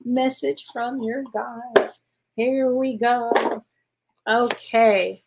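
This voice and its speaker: A woman's voice: fairly high pitch, fairly even intonation, very slow, vocal fry, heavy background noise. Chatty woman hosting psychic readings. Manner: chatty, uses endearments like honey and sweetheart; rambling with frequent restarts and self-corrections. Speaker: psychic medium host. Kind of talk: live-stream viewer readings.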